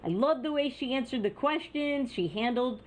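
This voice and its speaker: A woman's voice: high-pitched, lively intonation, moderate pace, a little hiss or hum. A woman hosting an opinion news show, talking in a scornful, sarcastic way. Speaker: news commentary host. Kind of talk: opinion commentary.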